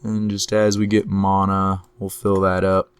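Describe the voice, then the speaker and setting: A man commentating his own strategy game play in a relaxed way, talking through each move while he is losing his voice. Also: deep voice, clean tone, no room sound. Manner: unhurried, talks through each move to himself. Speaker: gameplay commentator.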